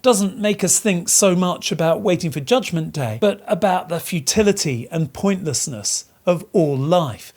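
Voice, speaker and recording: A woman narrates a literature lesson in a somewhat low voice. She breaks down the text line by line, leaning on key words and posing rhetorical questions as she goes. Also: animated, measured pace, few pauses, a little mellow. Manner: explanatory, emphatic, asks rhetorical questions. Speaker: literature teacher. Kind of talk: educational explainer narration.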